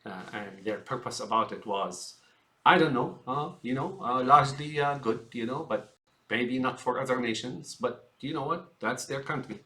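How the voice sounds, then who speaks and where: In an unscripted political rant, a man rambles with lots of fillers, often calling his listeners "folks" and mocking politicians by acting out their quotes in silly voices. His medium-pitched voice is pushed and bright, at a normal speed.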